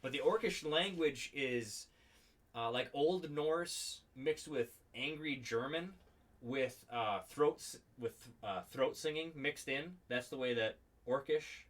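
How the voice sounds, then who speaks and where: A man's voice: medium pitch, slow, a bit bright, distant mic. Rambling male game master. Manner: rambling, full of "like" and restarts, laughs often. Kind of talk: narrating a tabletop game.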